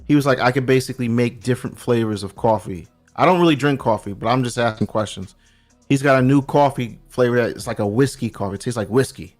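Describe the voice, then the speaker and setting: An animated storyteller from Brooklyn, New York, this man joins a casual podcast chat as a guest checking in from abroad. He talks quickly at a medium pitch, leans on street slang, and restarts a lot, with soft music underneath.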